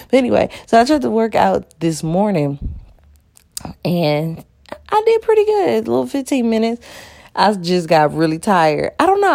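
A woman's voice: fairly low pitch, a little mellow. A woman and mother talking casually to viewers in a confessional monologue, chatty and profane, poking fun at herself. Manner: chatty, profane, self-mocking, addresses viewers as y'all. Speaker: mother and vlogger.

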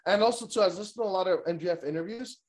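Rambling, excitable young man recapping wrestling. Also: high voice, very fast. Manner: rambling, profane, laughs often, mimics wrestlers. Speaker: podcast co-host. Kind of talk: casual wrestling recap chat.

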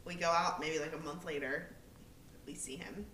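Echoey, low-pitched young woman telling a story. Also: moderate pace, far from the mic, a little hiss or hum. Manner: animated, quotes people in her story, swears freely. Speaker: podcast co-host. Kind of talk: casual storytelling chat. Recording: echoey room, away from the mic.

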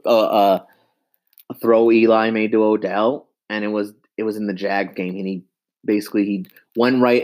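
A man's voice: medium pitch, a little mellow. A man in his twenties giving an exasperated, profane sports rant into a handheld mic, repeating himself. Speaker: sports fan vlogger.

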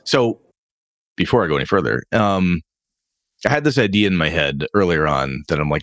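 A man's voice: low voice, brisk, dry recording. Man, game master, rambling narration, dry close sound. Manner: relaxed, rambling with fillers.

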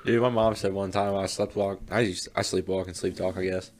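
A man's voice: low-pitched, level tone, a little fast, a little hiss or hum. A man co-hosting a podcast, laid-back and laughing often in casual chat. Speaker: podcast co-host.

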